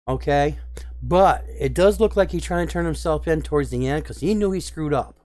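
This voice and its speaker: A man speaks straight to his viewers in casual commentary, earnest and plainly upset as he presses each point. His voice sits a little high. The sound is dry and close, with no room around it. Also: normal speed, darkish tone, no echo. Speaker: video commentator.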